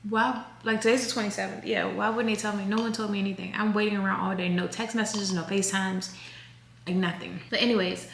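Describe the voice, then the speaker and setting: A woman in her thirties talks casually to her viewers, rambling and restarting her sentences. Her voice has a gravelly fry to it. The room around her sounds echoey. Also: mid-range voice, fairly even intonation, fast, a little hiss or hum. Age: 30s. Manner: rambling, chatty, self-correcting. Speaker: vlogger. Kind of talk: casual chat to camera.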